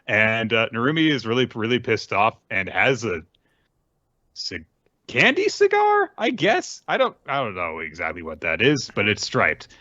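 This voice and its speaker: Low-voiced man recapping manga casually. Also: lively intonation, sharp tone, no echo, highs cut off. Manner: rambling, swears, mimics characters in quick asides. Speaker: podcast host.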